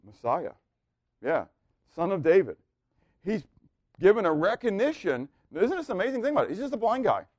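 A man with a high voice leads a Bible class, quizzing his listeners and waiting on their replies. He swings from loud emphasis down to near-murmured asides. The sound is dry and close. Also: sing-song, a little fast, pauses often, dry recording. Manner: asks the class questions and waits for answers. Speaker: Bible teacher. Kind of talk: interactive Bible teaching.

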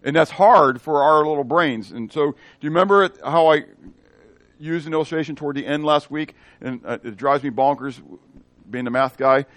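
In a dry recording, a pastor with a fairly high-pitched voice preaches at normal speed, working verse by verse through an expository sermon. He quizzes his listeners with animation and acts out the dialogue in changing voices.

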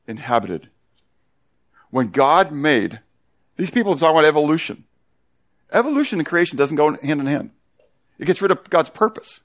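A man teaching a Bible study sermon to a congregation, animated, constantly asking the room questions and coaxing children to join in. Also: on the high side, normal speed, long pauses.

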